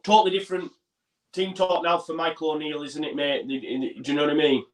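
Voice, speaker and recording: Bloke calling the match live with a mate, fairly high voice, echoey room. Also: male voice, steady tone, a little fast. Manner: chatty, describes the play as it happens. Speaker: co-host of a fan watchalong stream. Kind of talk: casual live match chat with commentary. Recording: roomy echo.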